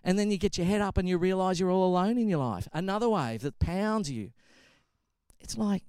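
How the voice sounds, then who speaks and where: A man's voice: sits high, expressive, moderate pace, long pauses, mellow, no echo. A man preaching a sermon, telling a story and pressing his point with emphatic repetition. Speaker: pastor.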